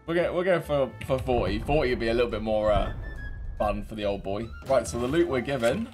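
A man's voice: mid-range voice, quick pace, a little mellow, soft background music. A British man running casual gameplay commentary, laughing and swearing as he banters with other players. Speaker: game streamer.

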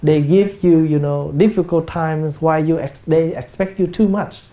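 A man with a Vietnamese accent, a Buddhist monk giving a gentle, humorous dharma talk in a meditation hall. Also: a little high, fairly even intonation, unhurried, muffled recording. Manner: gentle, humorous, acts out everyday speech. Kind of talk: sermon.

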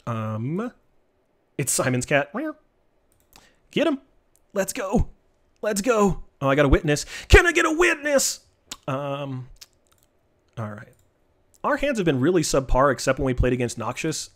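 Animated man streaming a card game. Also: fairly high pitch, measured pace, pauses often. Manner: animated, joking, trash-talking. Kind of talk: casual live-stream game commentary.

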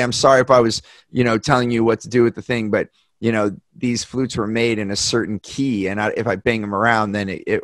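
A man's voice: on the low side, no echo, studio quality. A man hosting a podcast, chatting casually and telling stories that he acts out with quoted voices. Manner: animated storyteller who acts out quoted people. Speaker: podcast host. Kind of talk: casual conversation, storytelling. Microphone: podcast mic.

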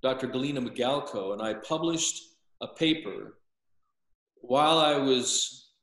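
Older man, slow-paced lecturing, halting with many ums and uhs, roomy echo. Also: mid-range voice, fairly bright tone. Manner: hesitant, frequent filler sounds and restarts. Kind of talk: lecturing explanation.

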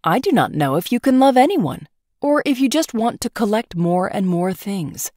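A woman's voice: medium pitch, big pitch swings, darkish tone, no room sound, clean studio sound. A woman reading as a reproachful young prince. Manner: measured, formal scolding delivery. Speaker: storybook reader. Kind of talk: storybook read-aloud.

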